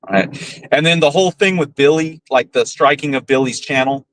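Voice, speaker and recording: A man's voice: on the high side, a little fast, a bit bright, no room sound, rough recording. A man hosting a podcast, ranting bluntly and profanely with scorn. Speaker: podcast host. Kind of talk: casual ranting commentary.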